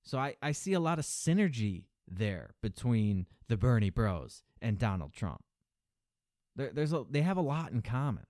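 This podcast host's political monologue is a profane, sneering rant with a sing-song lilt, and he imitates his opponents in a higher, mocking voice. He talks at a moderate pace with a darkish tone, in clean studio sound free of echo.

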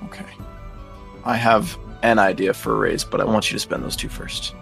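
Understated low-voiced man player. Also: fairly even intonation, normal speed, creaky, a bit bright, faint music behind. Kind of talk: tabletop game play, in and out of character.

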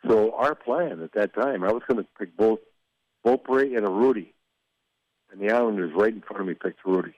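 A man's voice: lowish voice, normal speed, dry recording. An older man, a former hockey executive, telling stories in a rambling way with restarts and chuckles. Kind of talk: casual storytelling interview. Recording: dull lo-fi dry sound.

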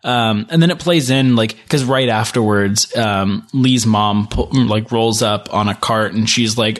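A man's voice: fairly low pitch, a little slow, hardly any pauses. A man co-hosting a casual recap podcast, rambling and filling his sentences with "like" and "um". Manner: rambling, heavy use of "like" and "um". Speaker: podcast co-host recapping an episode. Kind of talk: casual chat.

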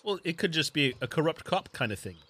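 Guy at the game table joking around, kinda high voice, dry mic. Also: expressive, fast talker, bright, forceful tone, no room sound. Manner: playful, tosses in put-on lines. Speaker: player. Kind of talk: casual chat, joking.

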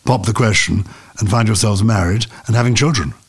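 A man's voice: lowish voice, fairly quick, slightly rough. An older man hosting an interview, asking questions with dry, teasing remarks. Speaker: host.

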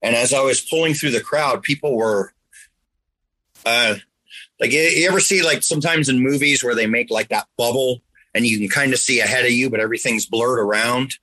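A man's voice: medium pitch, brisk, bright, forceful tone, low-quality recording. A man earnestly telling a personal story in a rambling, conversational way, now and then making sound effects.

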